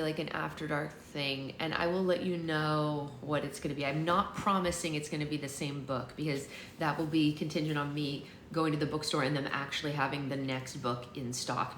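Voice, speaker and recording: A young woman with a low voice chats casually with her livestream viewers, answering their comments as they come in. She talks in a rambling, playful way and teases herself with mock boasts. A faint hiss sits under her voice. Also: fairly bright tone, reverberant. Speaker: livestream host.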